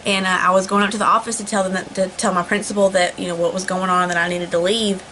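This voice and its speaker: A woman's voice: medium pitch, level tone, fast talker, fairly bright tone, a little hiss or hum, rough recording. A young woman chatting casually to camera, rambling with lots of fillers and restarts. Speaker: vlogger. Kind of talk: casual storytelling vlog.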